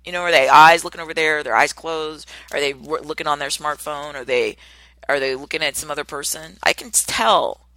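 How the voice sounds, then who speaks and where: A woman hosting her own podcast, talking through ideas in an animated, expressive way and acting out the people she quotes. Her voice has a gravelly edge and a bright, forceful tone. The sound is close and dry. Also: low voice, fairly quick, dry recording, low-quality recording. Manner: animated, acts out quoted people with big exclamations. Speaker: podcast host and coach. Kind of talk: solo podcast monologue.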